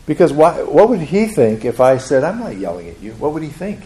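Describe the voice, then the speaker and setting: A man's voice: a little high, sing-song, a little fast, warm tone. A man teaching a counseling class, asking his students questions and acting out the replies people give. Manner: asks the class questions, acts out quoted replies. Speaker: counseling instructor. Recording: roomy classroom with faint noise.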